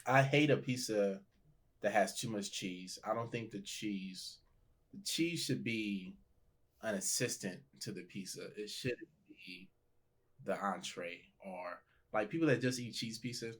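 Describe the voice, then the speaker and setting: A man's voice: on the low side, a little slow. A man who is a comedian, guest on a podcast, talking in a laid-back, joking and teasing way. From Nigeria. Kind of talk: casual chat.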